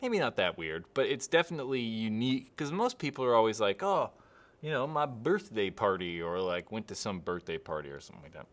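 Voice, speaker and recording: A man's voice: lowish voice, sing-song, fast, hardly any pauses. A young man hosting a live stream and answering chat questions casually, rambling and hesitant, with many fillers.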